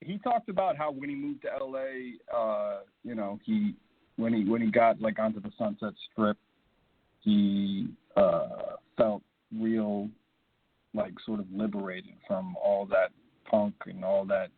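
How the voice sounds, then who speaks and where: A man's voice: fairly low pitch, unhurried, husky, no room sound. A male actor being interviewed on the radio, talking in a loose, rambling way full of fillers. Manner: rambling, many fillers and restarts. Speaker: actor guest. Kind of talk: casual interview chat. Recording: tinny phone line, dry.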